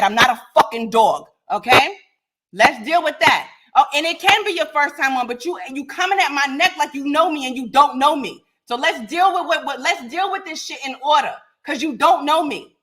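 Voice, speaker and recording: A high-pitched woman hosts a live podcast rant. Her voice is bright and sharp, and she talks bluntly and with a lot of profanity, squaring up to her audience. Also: animated, normal speed. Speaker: podcast host.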